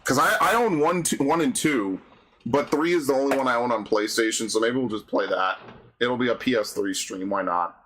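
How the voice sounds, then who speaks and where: A man's voice: mid-range voice, fairly quick, background noise. A young man hosting a casual game stream with a mid-range voice. He rants freely and crudely, swearing often. His banter is loose and unpolished. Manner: crude, profane, ranting banter. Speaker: streamer host.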